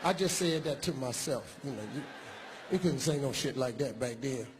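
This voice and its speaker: A man doing stand-up comedy, telling a childhood story in a profane, animated way and acting out the people in it. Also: mid-range voice, normal speed, in a large hall, noisy background. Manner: profane, animated, acts out characters.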